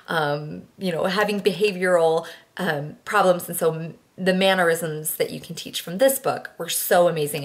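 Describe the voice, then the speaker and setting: A young woman chatting casually to camera, rambling with lots of fillers and restarts. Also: fairly low pitch. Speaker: vlogger.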